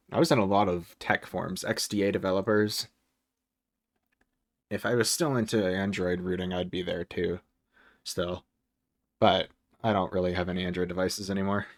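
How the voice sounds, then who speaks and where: A man with a low, gravelly voice rambles between topics on a casual home live stream, swearing freely and chuckling often. He's recorded dry and close, with no room sound around him.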